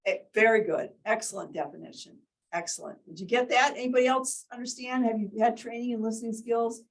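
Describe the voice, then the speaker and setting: Her voice is on the high side and a little fast, though the audio is poor. As leader of a workshop in an indoor meeting room, the woman teaches interactively, quizzing the group and demonstrating different tones of voice.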